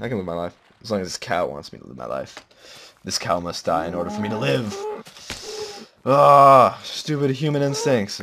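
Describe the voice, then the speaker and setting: Male gamer, lowish voice, rambling melodramatic let's play commentary with sudden yelps; faint noise behind.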